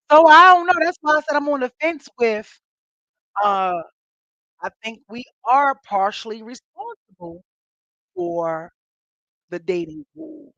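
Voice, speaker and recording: Lively woman telling a story, laughing. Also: medium pitch, dry recording. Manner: animated, laughing, acts out quotes. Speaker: podcast host. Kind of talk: casual storytelling to listeners. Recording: dull muffled dry sound.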